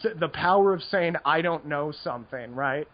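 A man with a fairly high voice chats on a podcast in a loose, rambling way. He laughs a lot and keeps saying "like". The audio is dull and lo-fi. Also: lively intonation, moderate pace. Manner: rambling, laughs often, lots of "like". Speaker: podcast co-host, poker player. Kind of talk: casual chat.

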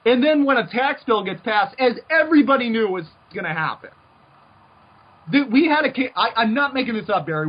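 A man's voice: high voice, animated, a little fast, slightly rough. A man hosting a podcast, delivering a heated, repetitive opinion rant with stumbling restarts. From United States. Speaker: podcast host. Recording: dull lo-fi recording.

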